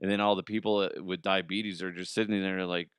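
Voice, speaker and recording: A man's voice: low voice, level tone, fairly quick, fairly bright tone, clean tone, no room sound. A man hosting a comedic news show, rambling casually with profanity and laughing at his own jokes. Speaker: host.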